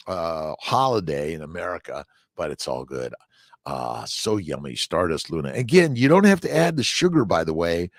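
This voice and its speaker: Middle-aged man, deep voice, swinging intonation, rambling motivational livestream chat, dry close sound. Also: no room sound. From Southern California. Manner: rambling, upbeat, motivational, many fillers. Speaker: doctor hosting a morning livestream. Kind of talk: casual livestream chat answering viewer comments.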